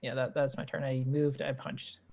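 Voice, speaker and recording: Low-voiced woman game player. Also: flat delivery, normal speed, vocal fry, darkish tone. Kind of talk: tabletop game play.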